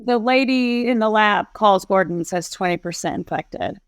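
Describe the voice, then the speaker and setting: A woman co-hosting a podcast, chatting casually about a movie with wry, quick quips. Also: mid-range voice, clear, resonant tone, no echo. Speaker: podcast co-host. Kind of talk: casual movie review chat.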